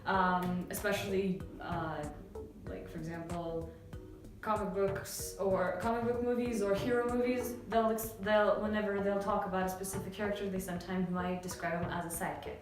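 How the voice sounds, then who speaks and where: A young woman teaching English in an easygoing, chatty way, often pausing with fillers. Her voice rings around a very echoey room, with faint music underneath. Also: mid-range voice. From Canada. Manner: relaxed and chatty, with frequent fillers. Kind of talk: casual explanatory lesson.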